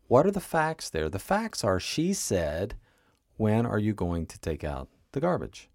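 A man's voice: on the low side, very animated, unhurried, darkish tone, no room sound, studio quality. A man hosting a coaching podcast, explaining casually and often checking in with "right?" and "okay?". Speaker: life coach and podcast host.

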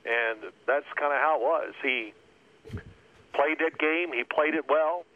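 A man in his sixties telling stories in a casual, animated way and acting out quotes in other voices. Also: on the high side, measured pace. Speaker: guest, former pro quarterback. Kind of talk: casual storytelling. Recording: phone-like line.

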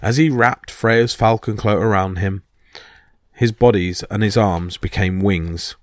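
A man narrating myth stories in a steady, vivid storytelling manner. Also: lowish voice, measured pace, no room sound, studio quality.

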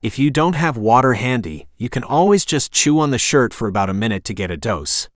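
A man's voice: medium pitch, animated, brisk, no room sound, studio quality, natural voice. A man reading the lines of an intense, defiant woman on the run, with a blunt, commanding way of talking. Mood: urgent, firm.

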